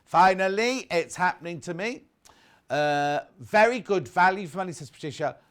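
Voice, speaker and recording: A man's voice: high-pitched, animated, moderate pace, clear, resonant tone. A man presenting a live TV shopping show, chatting casually and reading out viewer messages. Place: TV studio.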